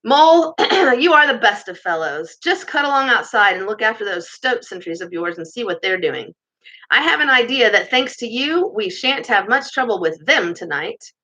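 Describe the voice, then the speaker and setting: Woman doing a placid, steady old badger. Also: a little high, moderate pace, exaggerated voice. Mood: approving. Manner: placid, firm commands. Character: steady old male badger, calm leader. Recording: muffled lo-fi recording.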